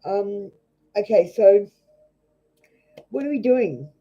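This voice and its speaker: A woman's voice: medium pitch, lively intonation, slow pace. Australian woman, blunt tarot reader, swears freely, scolding, dull lo-fi stream. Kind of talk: live-stream tarot reading, chatting with viewers.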